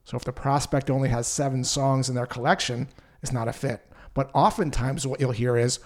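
A man explaining a sales technique in a calm, conversational lesson with measured pauses. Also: mid-range voice. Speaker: sales trainer.

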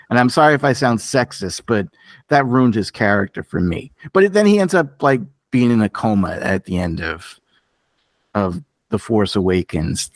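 A man co-hosting a podcast in casual chat, opinionated and animated, jumping up in pitch for emphasis. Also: no room sound. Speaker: podcast co-host.

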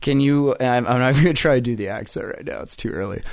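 A man's voice: medium pitch, fast, no room sound, clean studio sound. A man hosting a podcast in casual chat, a laid-back storyteller who laughs often. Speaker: podcast host.

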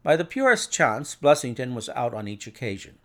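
A man's voice: medium pitch, sing-song, fairly quick, a bit bright. A man voicing a confident detective who lays out his reasoning. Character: sharp, confident male detective.

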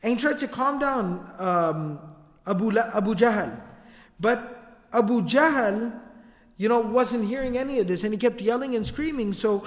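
A man with a high voice tells a story as a lecture. His delivery is casual and lively, with slangy asides. A long reverb hangs behind him, as in a big hall. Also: measured pace.

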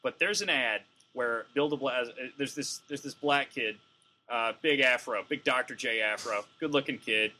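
A man's voice: mid-range voice, moderate pace, pushed and bright, a little hiss or hum. A man co-hosting a podcast, ranting with heat in a profane, casual way, full of fillers. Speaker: podcast co-host. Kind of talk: casual comedic rant.

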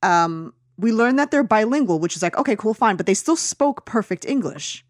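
In a dry, studio-quality recording, a US woman co-hosting a podcast gives her opinionated, casual take on a film. She rants with many fillers and restarts, her medium-pitched voice animated at a moderate pace.

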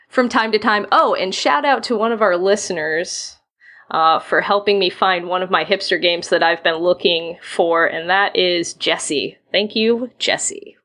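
A woman co-hosting a game podcast in casual chat, playful and quick to laugh. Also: on the low side, fairly bright tone. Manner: giggly, playful. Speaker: podcast co-host.

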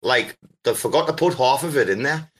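A man hosting a casual chat, teasing and swearing, breaking into loud laughs. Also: mid-range voice, expressive, brisk, a loud crowd. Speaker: host.

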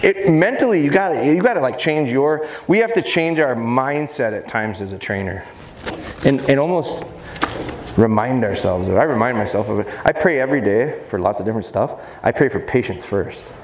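A man, a dog trainer, giving a lively live seminar talk to an audience in a large expo hall, often joking. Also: moderate pace. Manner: lively, jokey, acts out high baby-talk voices to dogs. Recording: echoey hall with faint noise.

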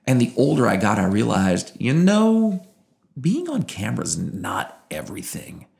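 A man being interviewed, a former television news producer now in radio, telling lively anecdotes and acting out the dialogue he quotes. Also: mid-range voice, moderate pace, creaky. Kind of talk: casual interview storytelling.

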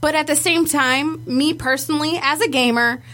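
High-voiced woman in casual podcast chat. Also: moderate pace. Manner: animated, swears freely, laughs often. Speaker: podcast co-host.

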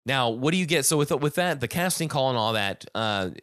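A man's voice: mid-range voice, expressive, a little fast, fairly bright tone, clean tone, dry recording, clean studio sound. A man hosting a casual podcast about a music album, rambling with many restarts and fillers. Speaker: podcast host.

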